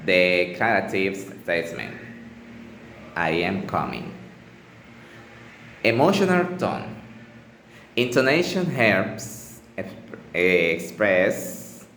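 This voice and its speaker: A man teaching an English lesson in a deliberate, pausing way, with fillers and restarts. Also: sits low, fairly bright tone. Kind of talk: slow instructional explanation. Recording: echoey room with faint ambient noise.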